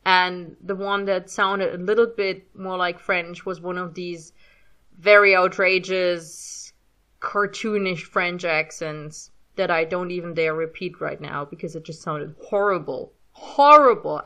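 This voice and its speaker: German-accented woman, 30s, bright clear tone, chatty self-mocking commentary. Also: lowish voice. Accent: light German. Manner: chatty, self-deprecating, rambling with restarts. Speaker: fan audio reader. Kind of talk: casual spoken commentary.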